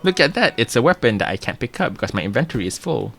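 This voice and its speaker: A man's voice: mid-range voice, big pitch swings, fast, vocal fry, fairly bright tone, soft background music. A male streamer giving casual gameplay commentary, talking to himself, humming and joking as he plays. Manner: talks to himself, hums and jokes while playing.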